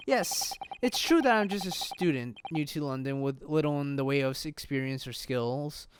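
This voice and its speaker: A man's voice: a little high, moderate pace, background noise, voice pushed down, close to an everyday voice. A man voicing a young male Japanese law student, earnest and resolute. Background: game music.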